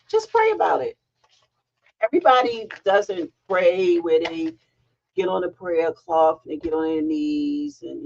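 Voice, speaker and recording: A middle-aged woman chats on a livestream from her home, bubbly and excitable. Her pitch swoops up and down, with a gravelly fry underneath. The audio sounds dull and lo-fi. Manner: chatty, excitable, greets viewers in chat. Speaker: livestream host. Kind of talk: casual livestream chat. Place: home, sitting on a heating pad.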